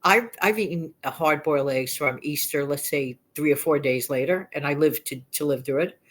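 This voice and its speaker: Chatty older woman with a New York accent, slightly low voice, rambling and emphatic delivery. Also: moderate pace. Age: 60s. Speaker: frugal living vlogger. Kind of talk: casual chat to camera.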